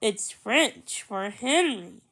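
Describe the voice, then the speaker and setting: A woman's voice: fairly high pitch, lively intonation, very slow, a bit bright, exaggerated voice. A woman reading aloud and voicing a know-it-all young girl in a storybook, unimpressed and lecturing.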